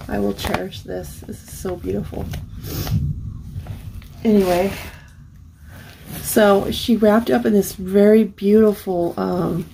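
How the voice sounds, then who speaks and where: A woman's voice: medium pitch, steady tone, slow, creaky, long pauses, dark tone, slight background noise, low-quality recording. A woman hosting a crafting channel, casually showing a handmade journal and gushing over it with many fillers. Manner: gushing, admiring, full of fillers. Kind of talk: casual unboxing look-through.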